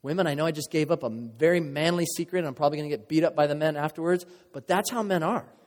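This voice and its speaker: A man delivers a sermon to his congregation in an earnest, conversational way, mixing emotion with playful asides. His voice sits slightly high. Long reverb from a large hall trails behind his words. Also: fast, darkish tone. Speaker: pastor.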